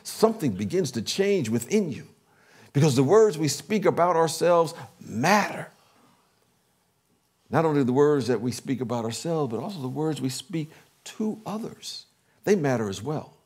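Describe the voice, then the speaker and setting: A man's voice: fairly high pitch, big pitch swings, normal speed, darkish tone, husky. A middle-aged man preaching a sermon in an earnest way, building up energy as he leads affirmations. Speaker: pastor.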